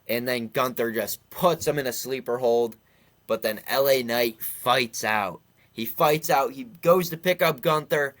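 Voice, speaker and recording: A man talks through a recap in a loose, opinionated way, his voice sitting at an ordinary middle pitch. He rambles with fillers and gets worked up into small rants. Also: measured pace, fairly bright tone. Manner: chatty, ranting, frequent fillers. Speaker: wrestling commentary youtuber.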